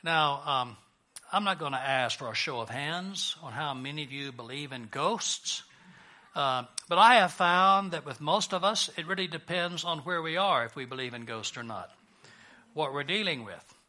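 Man preaching a sermon, high bright voice, chatty and joking, restarts often. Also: lively intonation, moderate pace. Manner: conversational and lightly joking, with frequent restarts. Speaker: pastor.

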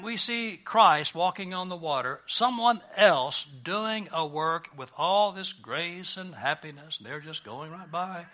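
A man's voice: sits high, expressive, unhurried, hardly any pauses, sharp tone. A man preaching a sermon as pastor, in a conversational, lightly joking way with frequent restarts.

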